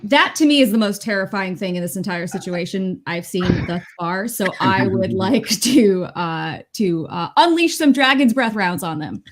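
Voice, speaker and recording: A woman playing a tabletop roleplaying game, describing her character's plans in an excitable way. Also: mid-range voice, moderate pace, few pauses. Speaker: player. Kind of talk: in-game planning.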